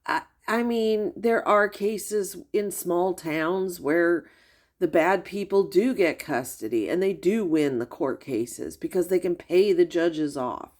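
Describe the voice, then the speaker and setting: A woman's voice: fairly low pitch, slow, darkish tone. Incredulous middle-aged woman commentating. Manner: incredulous and gossipy, with frequent sighs and laughs. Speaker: commentary streamer. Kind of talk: reaction commentary.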